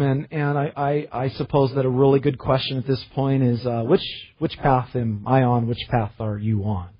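A man's voice: on the high side, husky, highs cut off. A man preaching a sermon in an earnest, self-searching way, often restarting his phrases.

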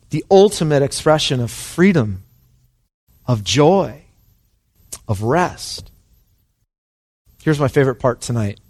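A man preaching a sermon with passion, his delivery dropping to hushed and rising to soaring. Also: mid-range voice. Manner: impassioned, swings between hushed and soaring. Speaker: pastor.

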